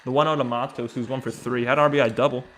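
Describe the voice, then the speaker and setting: A man giving casual live baseball play-by-play, chatting with viewers and reacting excitedly between pitches. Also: fast, slight background noise. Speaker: live sports commentator.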